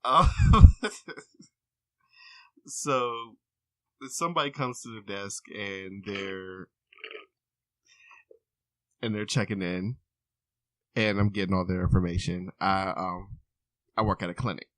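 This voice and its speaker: A man's voice: fairly low pitch, slow pace, pauses often, no room sound. A man co-hosting a podcast, telling a work story in casual chat and laughing through it. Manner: animated, laughs through his stories. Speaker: podcast co-host.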